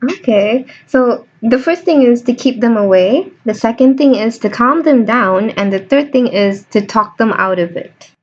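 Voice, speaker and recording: A woman's voice: a little high, animated, normal speed, hardly any pauses, darkish tone, a little hiss or hum. A young woman hosting a casual interview, chatty and joking. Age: young adult. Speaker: host. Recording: dull lo-fi recording.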